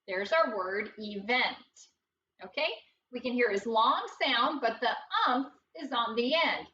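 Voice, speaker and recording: Slow, bright-voiced woman teaching phonics. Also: a little high, lively intonation. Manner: slow, deliberate, encouraging, sounding out letters. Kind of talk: classroom phonics lesson. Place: classroom. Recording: distant, dull lo-fi audio with faint noise.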